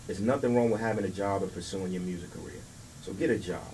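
A man's voice: deep voice, quick pace, darkish tone, distant mic, a little hiss or hum, rough recording. A man talking as a guest in a casual interview, laid-back, restarting and repeating words, with street slang. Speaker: record label guest.

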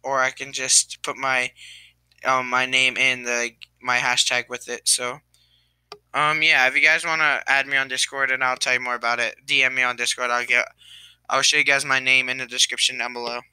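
Young man, crying, sighing, halting, restarts, bright tone, smooth clear voice. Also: medium pitch, level tone, no echo. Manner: halting, trailing off, many restarts. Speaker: gaming YouTuber. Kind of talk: tearful apology vlog to camera.

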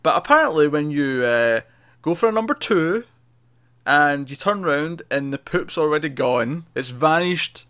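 A man's voice: a little high, animated, measured pace, pushed and bright. A man co-hosting a TV review podcast, animatedly retelling scenes and laughing often in casual chat.

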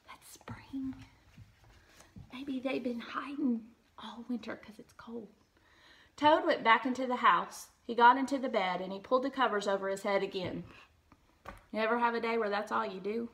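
A young woman teacher reading a storybook aloud to her class, speaking gently and clearly and asking the children questions. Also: medium pitch, steady tone, brisk, low-quality recording.

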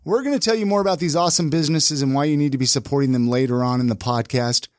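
A man hosting a podcast, talking in an upbeat, casual way with quick intros and filler restarts. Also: medium pitch, no echo, clean studio sound. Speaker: podcast host.

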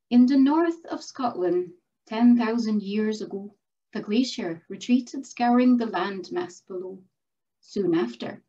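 A middle-aged woman from Quebec, narrating a rhyming story at a live event in a slow, gentle way. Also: medium pitch. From Quebec, Canada. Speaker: storyteller and scientist. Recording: dull lo-fi recording.

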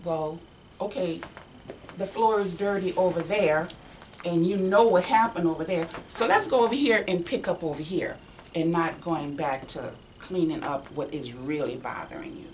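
A woman's voice: lowish voice, normal speed, slight background noise. A woman in a church class thinking aloud, tentative as she weighs her view. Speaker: class member. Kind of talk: sharing in a church class discussion. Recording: distant mic in a room.

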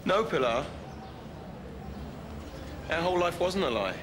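A man's voice: on the high side, big pitch swings, measured pace. An actor playing a wounded man who pleads and insists on answers. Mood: pleading. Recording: noisy TV drama sound.

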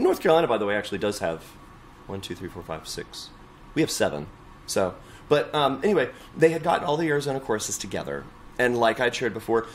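A young adult man, a choral conductor, telling stories in an oral history interview, lively and expressive as he quotes others. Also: mid-range voice, slight background noise.

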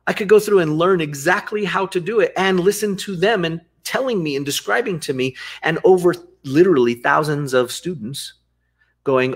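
A man being interviewed as a dance and life coach, speaking in an animated, expressive way, laughing often and acting out inner dialogue. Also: a little high, moderate pace, slightly rough. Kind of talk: conversational interview.

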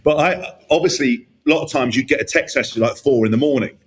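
A man's voice: medium pitch, quick pace, breathy edge. A man in his thirties co-hosting a casual sports podcast, rambling through sweary anecdotes. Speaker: podcast co-host.

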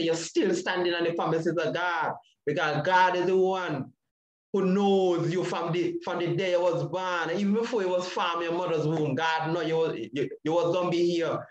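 A man's voice: high voice, reverberant, lo-fi sound. Fervent man preaching his testimony, lilt. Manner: preaching cadence with repeated phrases. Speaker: panel speaker sharing testimony. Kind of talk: impassioned testimony.

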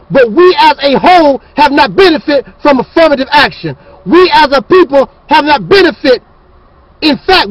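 A man's voice: very high-pitched, no room sound, low-quality recording. A man hosting his channel, ranting in a fiery, preachy and scornful monologue. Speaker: channel host.

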